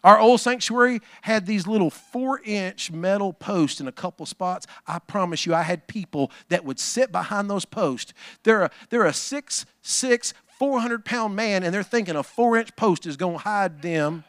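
High-voiced pastor, preaching hard. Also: male voice, expressive, moderate pace, no room sound, studio quality. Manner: swings from low asides to shouted exhortation; folksy, calls out to the congregation. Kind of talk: sermon.

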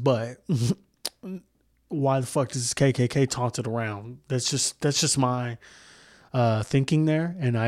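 A man's voice: medium pitch, a little mellow, dry recording, clean studio sound. A young man hosting a solo podcast, talking casually in a heated, profane, rambling way with many restarts. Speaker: podcast host.

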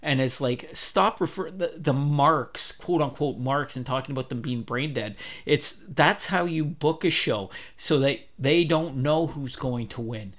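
A man's voice: mid-range voice, a little slow, hardly any pauses, a bit bright. A man co-hosting a podcast, ranting bluntly and swearing freely, with many restarts. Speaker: podcast co-host. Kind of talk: heated podcast rant.

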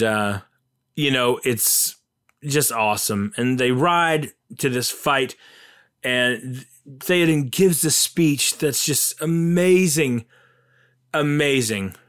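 Casual male film commentator, eager, rambling, smooth clear tone, mid pitch. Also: a bit bright. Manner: enthusiastic, rambling with many fillers.

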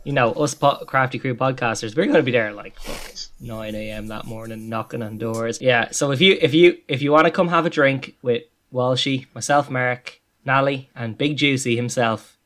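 A man's voice: medium pitch, moderate pace, a bit bright. A man co-hosting a podcast, joking in a wry manner. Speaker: podcast co-host. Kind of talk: casual chat.

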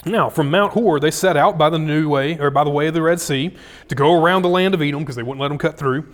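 Lively, joking male pastor. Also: on the high side, fast. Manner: casual, jokey preaching with dramatic read-aloud quotes. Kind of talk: sermon.

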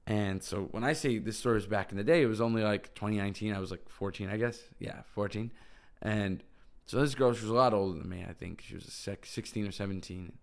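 A man's voice: fairly low pitch, fast, creaky. A young man telling a personal story to camera in a casual, rambling way, full of "like". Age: young adult. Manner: rambling, heavy use of "like". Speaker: vlogger.

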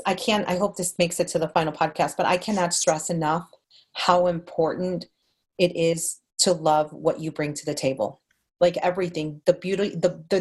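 A woman with a somewhat low voice speaks earnestly and with feeling on a podcast roundtable. She often restarts her phrases and pauses to find her words. She sounds like a voice-over artist sharing what she has learned. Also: darkish tone. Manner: earnest and heartfelt, with frequent fillers. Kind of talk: casual podcast roundtable chat.

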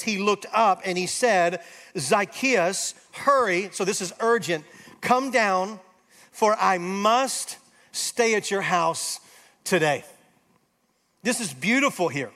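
A pastor delivering an emphatic sermon in a raised, high voice. He drives hard through peaks, then drops low and soft to plead with his listeners. A long hall reverb follows every line from the church sanctuary. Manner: emphatic preaching, rising to intense peaks then dropping soft.

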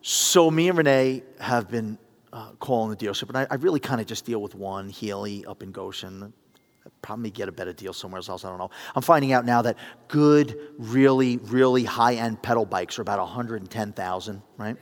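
Middle-aged pastor in a reverberant church. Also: male voice, lowish voice, a little fast. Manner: animated, acts out phone voices, builds to appeals. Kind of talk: sermon with storytelling. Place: church sanctuary. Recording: long reverb of a church hall.

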